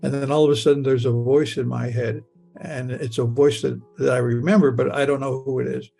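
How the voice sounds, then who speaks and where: An older man telling his own story in a halting, stammering way, with frequent restarts. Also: medium pitch, flat delivery, gravelly, warm tone, soft background music. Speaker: storyteller recounting a near-death experience. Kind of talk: personal storytelling.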